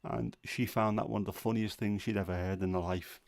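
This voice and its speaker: With vocal fry in his fairly low, lilting voice, a male host chats casually on a relaxed livestream. He's a bit rambly and plainly opinionated, often pausing with an "um." The sound is close and dry, with no room echo.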